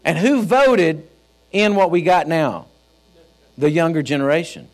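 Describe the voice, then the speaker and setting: Texan male pastor, high and lively pitch, folksy sermon with emphatic climbs. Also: a little slow. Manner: preachy, folksy storytelling with rising emphatic outbursts.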